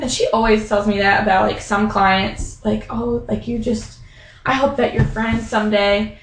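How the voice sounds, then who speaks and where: Speaking at a normal speed in a mid-range voice, a young woman chats about something that happened, animatedly imitating the people she quotes and leaning on "um" and "like." The audio is low quality and reverberant.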